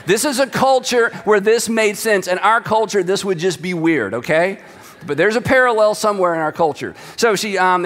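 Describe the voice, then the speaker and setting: A man's voice: high-pitched, expressive, fairly quick, a bit bright, long reverb tail. A man preaching a sermon, reading scripture aloud with dramatic emphasis. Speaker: pastor.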